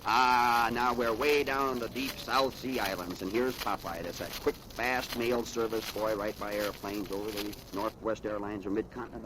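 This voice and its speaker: A middle-aged man, a mayor, reading comic strips aloud to children over the radio in a chatty, chuckling way with rambling asides. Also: mid-range voice. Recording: hissy 1930s radio archive recording.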